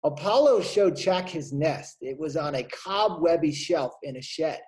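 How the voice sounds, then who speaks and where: A man, a kindergarten teacher, reading a picture book aloud to young children and pausing to point out the pictures. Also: fairly high pitch, expressive, a little mellow.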